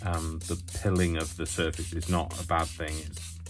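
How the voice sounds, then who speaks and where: A man's voice: low voice, flat delivery, moderate pace, music in the background. A man chatting his way through a hands-on craft tutorial at home, wandering off into self-mocking asides.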